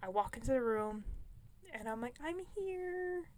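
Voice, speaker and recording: A young woman with a fairly high voice, chatting casually as a co-host. She tells stories in an animated way and acts out everyone's lines with big jumps in pitch and loudness. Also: moderate pace. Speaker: podcast co-host. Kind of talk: casual chat.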